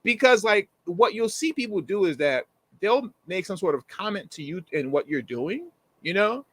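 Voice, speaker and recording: A man co-hosting a casual commentary chat, animated and slangy, acting out the people he quotes. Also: high-pitched, normal speed, dry recording. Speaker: co-host.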